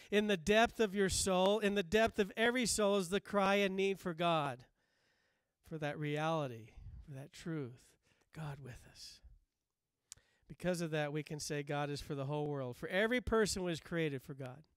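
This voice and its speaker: A man preaching a sermon as pastor, with slow emphatic repetition and passages that drop soft and low. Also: clear, resonant tone, dry recording.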